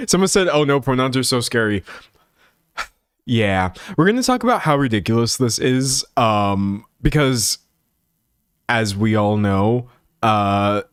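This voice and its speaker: A young man from the American South, hosting a live stream and commenting in an animated, sarcastic way, often breaking into laughs. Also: medium pitch, smooth, no echo, clean studio sound. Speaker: livestream commentator.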